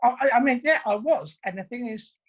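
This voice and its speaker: A man's voice: very high voice, brisk, fairly bright tone, muffled recording. A British man in his sixties telling a rambling, self-deprecating story as an interview guest over a video call. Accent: British English. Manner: chatty, rambling, self-deprecating, acts out his own thoughts. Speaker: interview guest, former band drummer. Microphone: phone on a video call.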